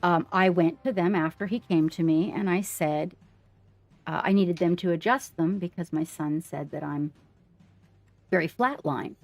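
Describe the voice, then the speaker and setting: A woman's voice: lowish voice, unhurried, no echo, soft background music. A woman on a livestream, earnestly sharing her story and speaking straight to the viewers in a casual way.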